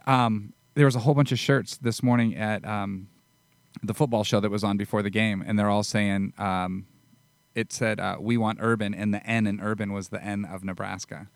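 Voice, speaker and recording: Man, host, lowish voice, dry sound, relaxed chatty talk with fillers. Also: moderate pace, vocal fry, no echo. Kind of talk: casual chat.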